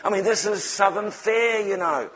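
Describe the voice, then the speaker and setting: A man tells his testimony from the pulpit with animated, humorous storytelling. His voice sits a little high for a man. He moves between quiet, slow stretches and lively bursts. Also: noisy background. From New Zealand. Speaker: preacher. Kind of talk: testimony sermon.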